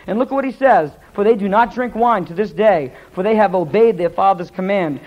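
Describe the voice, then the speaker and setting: A male pastor preaching a sermon, retelling scripture in a lively storytelling way and stumbling over hard names. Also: high voice, moderate pace, hardly any pauses, lo-fi sound.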